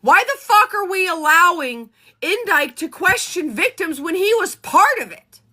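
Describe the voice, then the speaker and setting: A woman's voice: extremely high pitch, big pitch swings, bright, forceful tone. A woman vlogger delivering a heated, profane live rant on politics. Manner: heated, profane, fast-talking.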